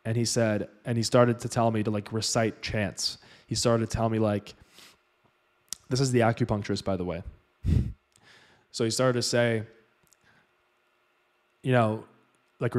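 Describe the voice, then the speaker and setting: A man's voice: fairly low pitch, fairly even intonation, moderate pace, pauses often. A man casually telling a personal story in a loose, chatty way, full of fillers.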